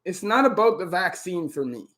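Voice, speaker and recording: A middle-aged Canadian man with a Canadian accent hosting a relaxed live Q&A stream, greeting viewers by name and filling gaps with "you know". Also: sits high, normal speed. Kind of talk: casual live-stream chat. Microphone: camera on a stand.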